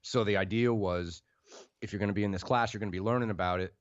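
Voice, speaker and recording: A man's voice: fairly low pitch, steady tone, fast talker, no room sound. Laid-back man, muffled lo-fi audio. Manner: laid-back, agreeable listener. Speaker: podcast co-host. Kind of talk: casual chat.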